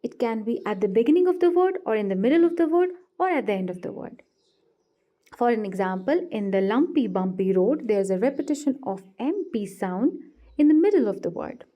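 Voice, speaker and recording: A woman teaching literary terms in a scripted lesson, explaining clearly and reading example lines slowly and deliberately. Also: fairly high pitch, sing-song, muffled recording.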